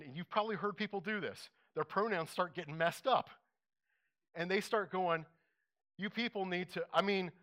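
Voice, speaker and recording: Bright-voiced man preaching a sermon. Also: a little high. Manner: conversational, asks the congregation questions.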